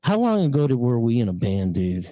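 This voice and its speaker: A man's voice: mid-range voice, big pitch swings, fairly quick, warm tone. A man hosting a casual live-stream talk show, chatty and loose, greeting viewers and swearing casually. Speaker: host.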